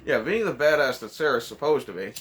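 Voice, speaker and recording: A man's voice: medium pitch, expressive, brisk, fairly bright tone. A man hosting a casual movie review, ranting sarcastically with lots of swearing.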